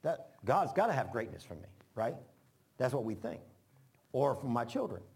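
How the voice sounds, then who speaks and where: Man, pastor, folksy rambling informal sermon style, mid pitch. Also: sing-song, normal speed, creaky, darkish tone, slightly rough. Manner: folksy, rambling, repeats phrases.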